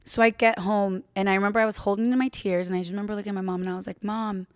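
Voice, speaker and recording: A young woman tells a story from her own life in a loose, chatty podcast manner. She leans on fillers and talks frankly, with a swear word here and there. Her voice has a middle pitch and sounds close and dry, with no room echo. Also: level tone, racing, smooth. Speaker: podcast host. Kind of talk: casual personal storytelling.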